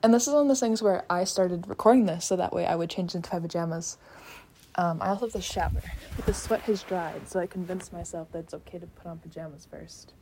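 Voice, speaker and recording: A young woman vlogging casually, sassy and animated, with lots of fillers and restarts, sweaty after being active. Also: on the low side, fast, slight background noise. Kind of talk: casual talking-to-camera rant.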